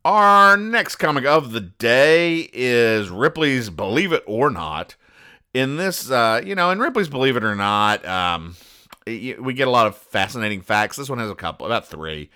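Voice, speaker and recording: A man hosting a comedy show, reading comic strips aloud and explaining the jokes in a wry, deadpan way. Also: mid-range voice, moderate pace, smooth. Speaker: host.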